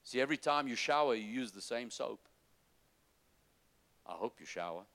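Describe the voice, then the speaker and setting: A man preaching a sermon, moving between loud, urgent exhortation and soft, low-voiced asides to the congregation. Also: lively intonation, normal speed. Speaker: pastor.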